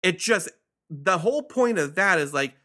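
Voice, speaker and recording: Blunt, bright-voiced man talking movies. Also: high-pitched, animated, normal speed. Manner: blunt, swearing. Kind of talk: casual movie review chat.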